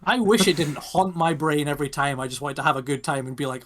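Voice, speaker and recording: A young British man co-hosts a casual podcast, his voice sitting a little high for a man. He rambles with plenty of animated rhetorical questions. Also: moderate pace, slight background noise. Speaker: podcast co-host. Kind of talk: casual chat.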